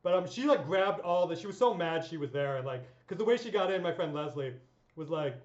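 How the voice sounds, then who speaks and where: A woman's voice: fairly low pitch, animated, a little fast, a little mellow. Rambling woman with a bit of echo. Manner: rambling, filler-heavy, swears freely, laughs often. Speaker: vlogger. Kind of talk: casual storytelling monologue. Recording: echoey dull room sound.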